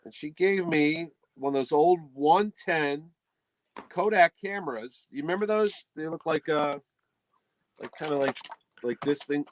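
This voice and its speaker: This podcast host, a middle-aged man, has a fairly high voice and keeps a measured pace as he lively recounts a comic tale in a relaxed chat, performing each quoted line. There's a little hiss or hum on the rough recording.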